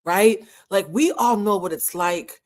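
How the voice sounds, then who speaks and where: A woman commenting on a reality show in a candid, emotional way, with dramatic pauses and moments of being moved. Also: mid-range voice.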